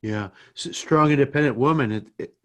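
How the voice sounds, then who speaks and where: A man's voice: mid-range voice, a little fast, fairly bright tone. A man interviewing for an oral history project, asking encouraging questions with hesitant restarts.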